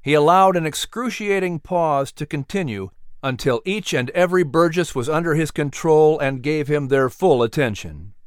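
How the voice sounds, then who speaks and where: A man narrates a historical story with vivid, expressive delivery. His voice is smooth and a little high-pitched, recorded close in a dry space. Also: moderate pace, no room sound.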